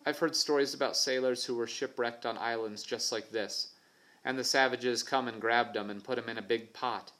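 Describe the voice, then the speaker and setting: A man voicing a big, gruff sailor who speaks in a plain, rough, working-class way. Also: medium pitch, steady tone, normal speed, sharp tone, close to an everyday voice.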